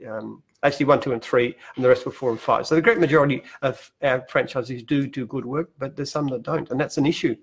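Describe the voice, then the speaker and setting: An older Australian man talks casually in a live-stream Q&A, explaining his business in a mid-pitched, everyday voice. He is animated, stumbles and repeats words as he restarts, and laughs lightly between points. He is speaking from an open-plan office. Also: slightly rough. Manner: animated, halting restarts, chuckles often. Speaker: company founder answering viewer questions.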